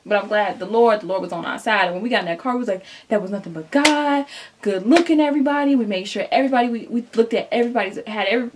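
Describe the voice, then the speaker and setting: A young woman telling a casual storytime vlog straight to her viewers, animated and chatty, acting out what people said. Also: medium pitch, racing, background noise. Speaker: vlogger.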